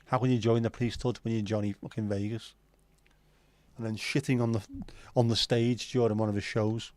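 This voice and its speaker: Reading viewer comments on a casual livestream, this male host banters freely and swears plenty. He talks at normal speed in a lowish, darkish voice with little pitch movement, and there's no room sound.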